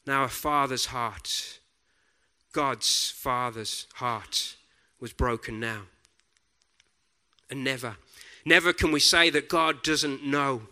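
A man preaching a sermon in a deliberate, reflective way, often dropping to a soft hush on key words. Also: on the high side.

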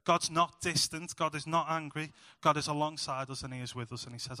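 A man's voice: on the high side, steady tone, brisk, pushed and bright, no echo, big-room sound. A young man preaching a sermon in a chatty, self-mocking storytelling way.

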